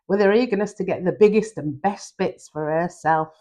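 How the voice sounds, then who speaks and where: A woman's voice: fairly low pitch, moderate pace, few pauses, warm tone. An older woman with a Yorkshire accent reading a children's story aloud, adding chatty homely asides.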